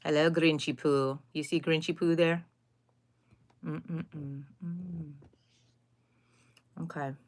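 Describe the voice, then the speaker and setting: Taking it slowly with frequent pauses, a middle-aged crochet channel host chats casually on a livestream from her craft room and greets viewers by name. Her voice is low-pitched and a little mellow, with fairly even intonation.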